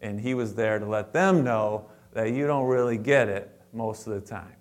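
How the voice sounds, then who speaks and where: A man preaching a sermon to his congregation in a conversational way, with restarts and asides, stressing words in sudden louder bursts. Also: lowish voice, moderate pace. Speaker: pastor. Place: church sanctuary before a congregation.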